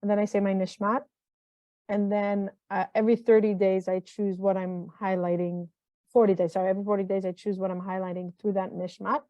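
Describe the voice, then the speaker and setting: A woman's voice: mid-range voice, little pitch movement, fairly quick, dark tone, no room sound. Earnest middle-aged woman, dull dry sound. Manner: earnest, heartfelt, repeats and restarts phrases. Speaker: guest, mental health consultant. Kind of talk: reflective interview conversation.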